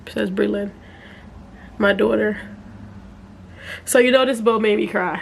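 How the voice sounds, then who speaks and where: A woman vlogger does a casual unboxing review, unhurried and chatty, calling her viewers "y'all" and laughing easily. Her medium-pitched voice is steady and creaky. She sits a bit far from the mic in an echoey room with faint noise.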